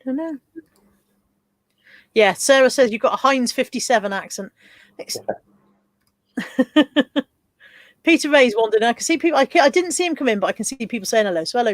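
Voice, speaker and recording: A woman's voice: a little high, dry recording. A woman hosting a casual livestream chat, laughing often and reading viewer comments aloud. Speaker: livestream host.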